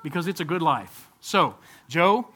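A man preaching an informal sermon at a baptism service, talking conversationally, with frequent restarts and sudden bursts of excitement. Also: on the high side, a little slow, slightly rough. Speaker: pastor.

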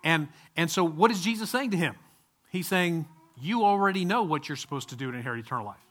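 Middle-aged male preacher, conversational sermon, slightly high bright voice. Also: fast talker. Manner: conversational, animated, with asides and laughs.

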